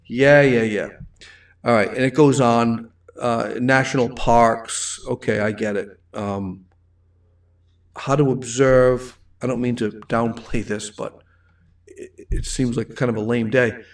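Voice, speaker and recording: A man's voice: medium pitch, flat delivery, a little slow, recorded from a distance. Chatty man with a Rhode Island accent. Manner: rambling, chatty, reads viewer comments aloud. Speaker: host of a live wine show. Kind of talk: casual live-stream chat.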